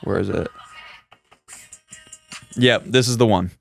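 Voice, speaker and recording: A young man co-hosting a podcast in a relaxed, slangy, casual way with lots of fillers. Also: on the low side, slow pace, creaky, faint music behind. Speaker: podcast co-host. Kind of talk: casual chat.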